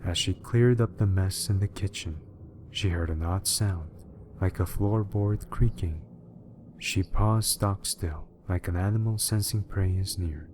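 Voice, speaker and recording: A man reading a horror story aloud as scripted narration, in a measured, even manner. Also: sits low, background noise.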